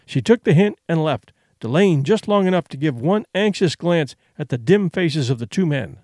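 Man, storyteller, classic story narration, expressive, animated, dry close recording. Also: a little high, normal speed, no room sound. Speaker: audiobook narrator.

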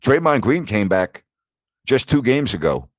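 A man's voice: mid-range voice, a little slow, no echo, lo-fi sound. A man hosting a sports talk show, ranting in disbelief about the latest league news. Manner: animated, incredulous ranting. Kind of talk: sports talk radio monologue.

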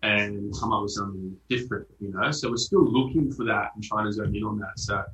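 An Australian man, a band member guest, talking in a relaxed way with lots of "like" fillers. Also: lowish voice, a little fast, echoey room, far from the mic, low-quality recording. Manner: relaxed, uses many fillers like "like". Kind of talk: casual interview chat.

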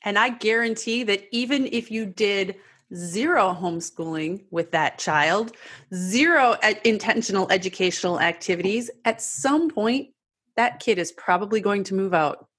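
A woman's voice: medium pitch, normal speed, fairly bright tone, breathy edge. Woman co-host, upbeat and friendly, casual podcast chat on a video call. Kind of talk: casual interview talk.

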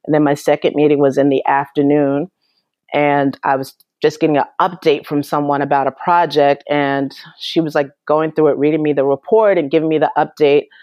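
A woman's voice: low voice, flat delivery, normal speed, dry recording, muffled recording. A woman guest in an interview, telling her story in an earnest, emotional way with frequent restarts. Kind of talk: conversational interview.

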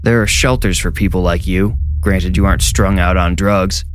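A man voicing a gruff, stubborn male night janitor who talks bluntly and firmly. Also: sits low, fairly even intonation, moderate pace, a little hiss or hum, natural voice.

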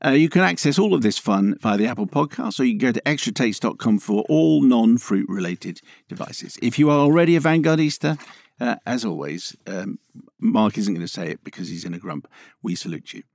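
A man's voice: mid-range voice, animated, a little fast, creaky, a little mellow, no room sound, studio quality. A man co-hosting a film podcast in casual chat, teasing his co-host and reading out listener emails. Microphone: studio mic.

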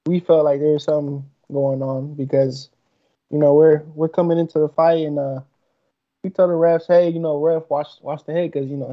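A man guesting on a talk show, soft-spoken and hesitant, with many fillers. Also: on the high side, highs cut off. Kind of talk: casual interview.

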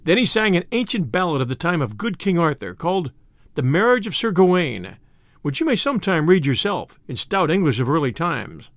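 Animated male storyteller, lively pitch. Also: a little fast, dry recording, clean studio sound. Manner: expressive, animated reading. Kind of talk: scripted narration of a classic tale.

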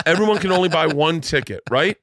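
A middle-aged podcast host tells stories in a profane, animated style during casual conversation. His voice is on the high side at normal speed, recorded clean in a studio with no room sound.

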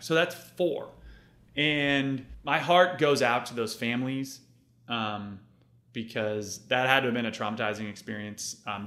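A man co-hosting a podcast, chatting loosely with lots of fillers and restarts. His mid-pitched voice rings in a roomy space. He swears now and then and circles back mid-sentence. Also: sharp tone. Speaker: podcast co-host. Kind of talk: casual chat.

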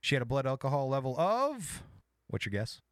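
Man, podcast co-host, jokey, reads case facts out loud, dry close mic. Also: mid-range voice, very animated, moderate pace, dry recording. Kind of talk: casual chat and reading case notes.

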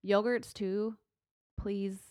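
A woman's voice: mid-range voice, fairly even intonation, extremely slow, a little mellow, smooth, dry recording, clean studio sound. A woman in casual chat who talks emphatically and repeats her points.

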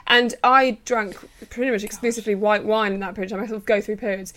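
A woman's voice: mid-range voice, fairly even intonation, fast, pushed and bright. A woman co-hosting a podcast, chatting playfully with lots of asides. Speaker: podcast co-host. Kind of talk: casual chat.

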